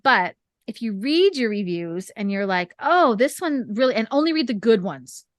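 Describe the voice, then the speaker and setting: A woman's voice: on the high side, sing-song, moderate pace, no echo, clean studio sound. A woman and author co-hosting a casual marketing talk. She is chatty, laughs often and acts out little stories as she talks. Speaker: podcast co-host and author. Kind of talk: casual chat, marketing advice.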